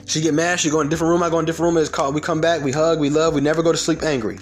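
A man telling stories and ranting in a blunt, profane, fast-talking way. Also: a little high, fairly even intonation, soft background music. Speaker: storyteller. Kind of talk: comedic storytelling rant.

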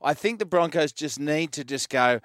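A man's voice: a little high, moderate pace, no echo, studio quality. A man chatting casually as a sports radio panelist, joking and ranting with energy. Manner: joking, animated rants. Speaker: radio panelist, ex-player turned actor.

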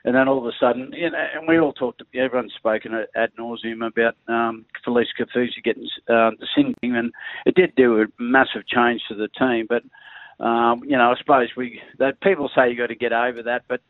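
A man's voice: mid-range voice, fairly even intonation, a little fast, no echo. Australian man on a tinny phone line. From Queensland, Australia. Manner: chatty, laughs through his stories, restarts often. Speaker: former rugby league player as guest. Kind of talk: rambling anecdotal chat.

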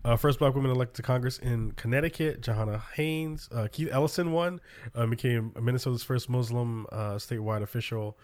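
A man hosts a casual talk show podcast, loosely running through the news in political chat full of ums and restarts. His medium-pitched voice is a little mellow, and he speaks a little fast.

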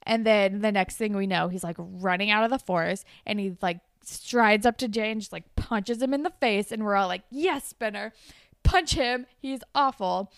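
A young woman co-hosting a casual recap chat, breaking into quick quoted bits of the characters' lines. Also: mid-range voice, no room sound, clean studio sound. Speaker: podcast co-host.

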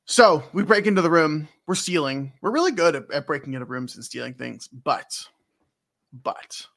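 A young man co-hosting a casual podcast, rambling and joking and laughing often. His voice is bright, with lively swings in pitch, and sits a little high. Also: moderate pace, gravelly. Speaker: podcast co-host recapping a game. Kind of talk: casual chat.

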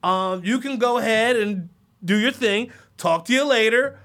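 A man's voice: high-pitched, a little slow, fairly bright tone. A man voicing a polite, awkward male interviewer who screens would-be parents.

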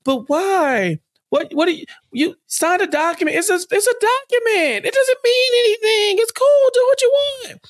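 A man doing a high, whiny impression of a panicky young male lawyer who pleads and begs. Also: lively intonation, normal speed, no echo, studio quality. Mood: frantic. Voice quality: shrill, pleading, voice cracking upward.

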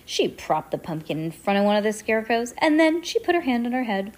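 A woman reading a children's chapter book aloud at home, casual, pausing to chat and correct herself. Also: on the high side, sing-song. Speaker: reader.

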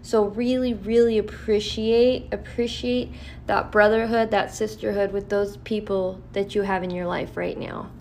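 A woman's voice: medium pitch, fairly even intonation, unhurried, a little mellow, slight background noise. A woman vlogger talking candidly with lots of swearing and fillers, reading aloud from a list now and then. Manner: profane, candid, filler-heavy. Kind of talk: casual talk mixed with reading aloud.

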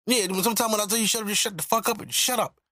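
Guy quoting his grumpy old dad, gruff and curt, barking orders. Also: mid-range voice, fast, a bit bright, no room sound, studio quality, lightly acted. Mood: snapping. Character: grumpy older father, gruff and disgruntled.

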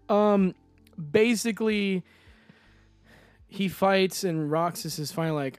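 A man's voice: high voice, no echo. A man co-hosting a casual podcast, recapping a video game and acting out the characters' lines as he goes. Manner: animated, quick to act out characters' lines. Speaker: podcast co-host.

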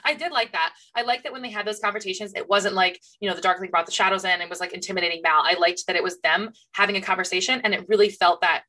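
A young woman co-hosting a podcast in casual chat, animated and full of fillers. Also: medium pitch, fast, hardly any pauses. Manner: animated, many fillers, acts out quotes. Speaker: podcast co-host.

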